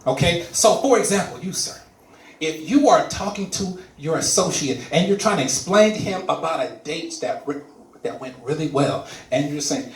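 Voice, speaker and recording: Lively stand-up comic man in an echoey room. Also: on the high side, normal speed, recorded from a distance. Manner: animated, laughs at his own jokes, repeats words for emphasis. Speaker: stand-up comedian. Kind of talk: stand-up comedy set. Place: comedy club stage.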